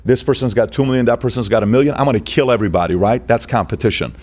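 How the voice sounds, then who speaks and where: A man appearing as a podcast guest, telling animated stories and acting out quoted dialogue with emphasis. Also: medium pitch, rapid-fire. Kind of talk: animated storytelling.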